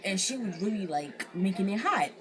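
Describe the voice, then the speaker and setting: A woman's voice: medium pitch, normal speed. Young woman telling a slangy story. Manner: animated, slangy, profane, acts out quotes. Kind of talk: casual storytelling.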